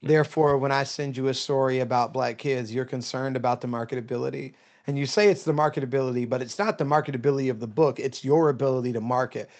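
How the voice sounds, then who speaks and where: A male writer in a casual chat, talking in an emphatic, animated way and laughing often. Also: mid-range voice, fast talker, hardly any pauses. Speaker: writer and podcast guest.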